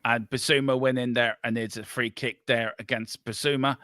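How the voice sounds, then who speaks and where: Host, male, bright and dry-toned, excitable live match caller. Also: mid-range voice, moderate pace, no room sound. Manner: excitable, running commentary with banter. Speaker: watchalong host. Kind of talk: live football play-by-play.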